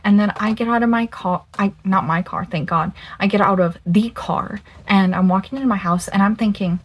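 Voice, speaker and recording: A young woman in her twenties telling a dating story to the camera in a casual, animated way, stretching words for emphasis and swearing in disbelief. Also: medium pitch, normal speed, dull audio. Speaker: vlogger.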